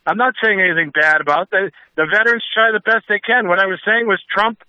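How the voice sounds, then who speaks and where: A man's voice: sits high, no room sound. A man hosting talk radio, arguing combatively and pressing the same question again and again. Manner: fast, combative, keeps asking the same question. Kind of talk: heated on-air argument. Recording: dry, dull lo-fi radio sound.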